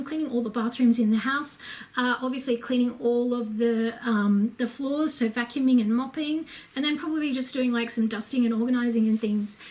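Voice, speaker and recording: A woman's voice: on the high side, normal speed, a little mellow. A woman in her thirties with an Australian accent, chatting casually and candidly to camera while answering viewer questions. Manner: chatty and candid, many fillers and asides. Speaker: home and lifestyle vlogger.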